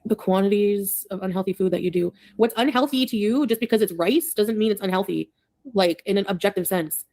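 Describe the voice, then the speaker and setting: A woman's voice: mid-range voice, fairly quick, warm tone. A woman talking casually on her own livestream, defending herself in a defensive, dismissive way. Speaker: streamer being commented on.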